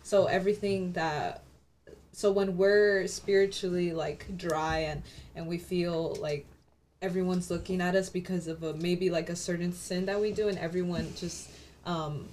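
Hesitant low-voiced woman sharing thoughts. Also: steady tone, measured pace, a little mellow, a little hiss or hum. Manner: hesitant, many fillers. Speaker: Bible study participant. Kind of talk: casual group discussion.

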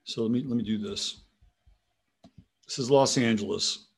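A man's voice: mid-range voice, moderate pace, creaky, slightly rough. A man hosting a casual commentary show, rambling from topic to topic and now and then talking to his dog. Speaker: host.

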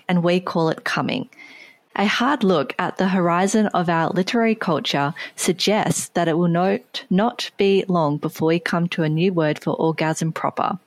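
Woman, lowish voice, dry close sound, measured reading of a review. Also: dry recording. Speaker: podcast co-host. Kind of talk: reading a review aloud, podcast chat.

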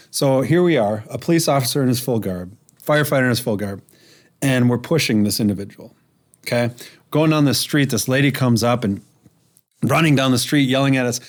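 A man, a firefighter author, telling stories in an interview with lively acted quotes and laughs. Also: mid-range voice, brisk. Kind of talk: storytelling interview.

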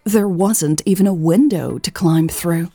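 A woman narrating a romance audiobook in a measured, scripted reading. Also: lowish voice, warm tone, husky, dry recording.

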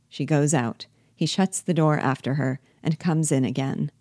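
A woman reading a play aloud, naming the speakers and reading the stage directions in a measured way. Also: low-pitched, a little mellow, no room sound, studio quality. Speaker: reader and guide.

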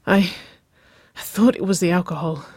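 A reader voices a desperate young woman in love, breathless and pleading, at times slipping into whispers. The delivery is medium-pitched, at a normal pace, a little mellow and lightly acted, pitched above the performer's own voice, with clean studio sound and no room echo.

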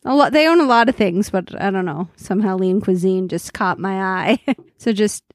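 With a medium-pitched voice at normal pace, this podcast co-host from Canada chats casually during a food tasting. She laughs a lot and talks while chewing, and the clean studio recording is dry.

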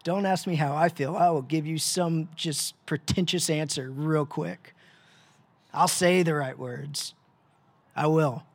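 A male preacher delivering a sermon, posing rhetorical questions with dramatic pauses and sometimes dropping to a hushed voice. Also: a little high, steady tone, no room sound.

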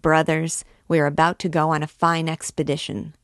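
A woman's voice: sits low, level tone, moderate pace, no room sound, studio quality, natural voice. A woman voicing a brash, boastful young man in armor, speaking with swagger.

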